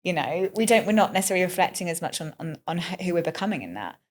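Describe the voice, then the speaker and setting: A woman with a slightly low voice hosts a relaxed podcast interview. She talks reflectively and works out her thoughts as she speaks. She fills the pauses with short "mm" and "yeah" responses. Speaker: podcast host.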